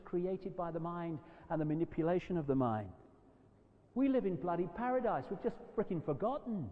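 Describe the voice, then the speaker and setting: A man's voice: sits high, moderate pace. Emphatic man lecturing in a hall. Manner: animated and emphatic, jumping between loud outbursts and quiet asides. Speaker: public speaker. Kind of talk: live lecture to an audience. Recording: dull echoey hall recording.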